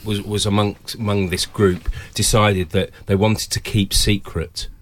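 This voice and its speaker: A man's voice: on the low side, flat delivery. A man who is a football journalist, telling a story on a panel with many restarts and repeated words. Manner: halting, repeats words when starting sentences. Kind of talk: casual panel chat.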